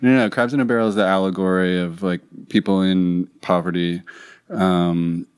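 A man with a very low voice spinning meandering anecdotes on a casual band podcast. He corrects himself mid-story and keeps a relaxed, chatty flow. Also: moderate pace, smooth. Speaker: band member podcast host. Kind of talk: casual chat.

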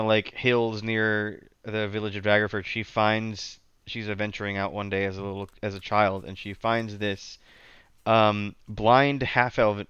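A man's voice: fairly low pitch, fairly bright tone, clear, resonant tone, dry recording, lo-fi sound. A man chatting casually as a guest about his tabletop character, rambling with many restarts and fillers. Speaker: podcast guest, tabletop player. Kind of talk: casual chat.

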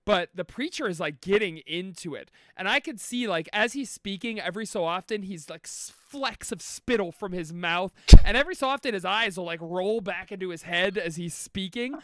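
A man's voice: high-pitched, expressive, moderate pace, few pauses, pushed and bright, no echo, clean studio sound. A man on a comedy podcast, playful and loose, laughing often while telling stories. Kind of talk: comic storytelling and banter.

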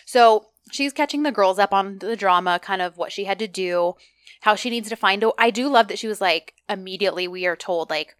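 A woman's voice: medium pitch, fairly quick, clear, resonant tone, no echo, clean studio sound. A woman co-hosting a podcast, chatting casually and acting out lines from the episodes. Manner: chatty, animated, acts out quotes. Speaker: podcast co-host. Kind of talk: casual recap chat.

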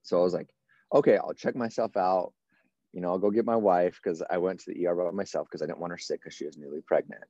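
A man in his thirties with a low, mellow voice recounts a personal story casually, quoting what everyone said to him. The sound is dry, with a slightly dull, muffled top end. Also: steady tone, quick pace, no echo. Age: 30s. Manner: casual, run-on retelling with many quoted exchanges. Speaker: firefighter guest. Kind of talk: storytelling in an interview.

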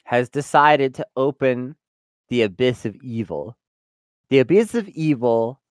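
A man's voice: medium pitch, clean tone, no echo, clean studio sound. A young man co-hosting a casual review chat, wry and complaining. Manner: wry, complaining about plot convenience. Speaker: podcast co-host.

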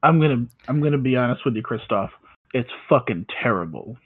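A man's voice: mid-range voice, expressive, a little fast. A man playing in a tabletop game, talking in a wry, blunt, joking way. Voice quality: husky. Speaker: player. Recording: tinny phone-like line.

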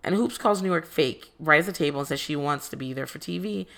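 A woman with a slightly low voice talks through a reality show recap. She is sarcastic and swears freely, breaking into exasperated rants. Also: fast, gravelly, fairly bright tone. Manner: sarcastic, profane, exasperated asides. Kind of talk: casual recap commentary.

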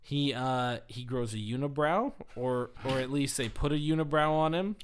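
A man's voice: mid-range voice, moderate pace, clear, resonant tone. Chatty man telling a story. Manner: animated storytelling, laughs often. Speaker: podcast co-host. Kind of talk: casual chat.

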